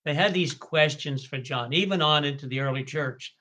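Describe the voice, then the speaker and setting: A man, a priest, giving a slow, deliberate scripture study lecture, stretching key words and sometimes correcting himself mid-phrase. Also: on the high side, pushed and bright. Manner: occasional stumbles and self-corrections.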